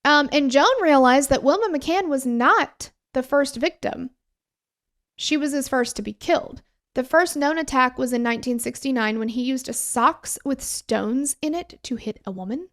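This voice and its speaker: A woman with a high voice co-hosts a true crime podcast. She talks casually and animatedly, full of fillers and exasperated asides, as she walks through the case. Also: normal speed, fairly bright tone. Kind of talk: casual conversational storytelling.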